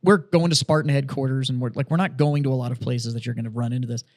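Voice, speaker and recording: A man co-hosting a podcast, telling stories in casual, profane, animated chat. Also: mid-range voice, fast talker. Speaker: podcast co-host.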